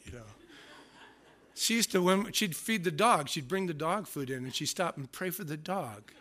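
A man's voice: fairly high pitch, expressive, moderate pace, sharp tone. A middle-aged man preaching a sermon, telling stories with self-mocking humor in a conversational way. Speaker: pastor.

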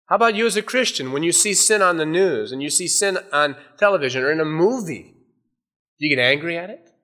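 A man preaching a sermon, animated, often dropping to a hushed, intense voice for emphasis. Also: fairly high pitch, brisk. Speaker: pastor.

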